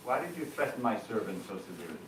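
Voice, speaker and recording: A man's voice: fairly low pitch, big pitch swings, fast talker, a little hiss or hum. A man voicing a wealthy merchant who demands answers indignantly, heard distant in an echoey hall. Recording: roomy hall, distant mic.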